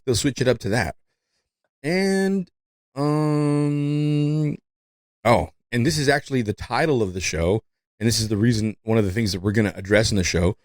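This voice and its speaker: A man's voice: medium pitch, moderate pace, pauses often, no room sound, clean studio sound. A man who learned English as a second language, hosting a podcast and chatting casually with lots of fillers and "you know". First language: not English. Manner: rambling, fillers, frequent "you know", laughs often. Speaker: podcast host.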